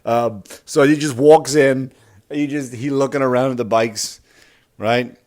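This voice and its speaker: A man's voice: medium pitch, steady tone, measured pace, a little mellow. A middle-aged man hosting a comedy podcast, riffing in a rambling, profane monologue and laughing at his own jokes.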